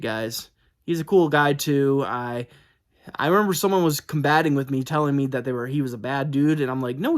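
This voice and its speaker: Rambling young man showing his book mail. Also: medium pitch. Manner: rambling, self-correcting, chatty with fillers. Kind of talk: casual chat to camera.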